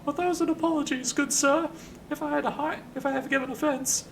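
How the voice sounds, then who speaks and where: A man voicing an effeminate, heavy-set male messenger who speaks in a high falsetto with flowery, overly polite phrasing. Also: fairly even intonation, a little fast, gravelly, fairly bright tone, a little hiss or hum, exaggerated voice, poor audio. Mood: fawning.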